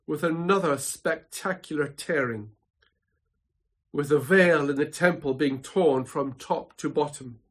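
Slow, measured preaching man. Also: on the high side, a bit bright, husky. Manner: measured, emphatic preaching with dramatic repetition. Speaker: pastor. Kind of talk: sermon. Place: home study.

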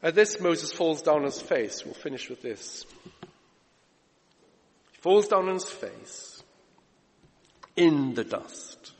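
A man's voice: on the high side, expressive, slow, long pauses. Emphatic male preacher in a reverberant hall. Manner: emphatic, swinging from loud to hushed. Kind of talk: sermon.

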